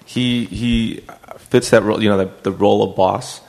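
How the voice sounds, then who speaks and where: A man's voice: on the low side, fairly even intonation, moderate pace, darkish tone. A man hosting a casual podcast interview, throwing in short prompts and jokey asides. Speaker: podcast host.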